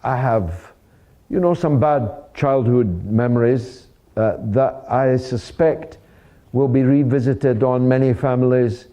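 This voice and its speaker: Older Scottish man, slow and mellow, wry anecdotal style. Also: mid-range voice. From Dundee, Scotland. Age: 60s. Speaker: host of a talk show. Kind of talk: storytelling talk to a live audience.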